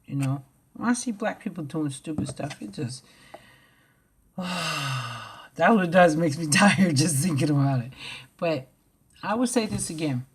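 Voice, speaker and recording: A woman with a low, husky voice rants to camera in a vlog, blunt and profane. Her pitch leaps widely, and she swings from loud outbursts to low mutters. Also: animated, unhurried, long pauses. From United States. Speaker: vlogger. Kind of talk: ranting to camera.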